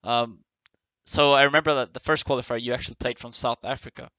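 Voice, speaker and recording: Host: man, bright forceful tone, dry sound, halting casual questions. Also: medium pitch, fairly even intonation, no room sound, dull audio. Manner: hesitant questioning. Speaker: interviewer. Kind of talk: casual chat on a call.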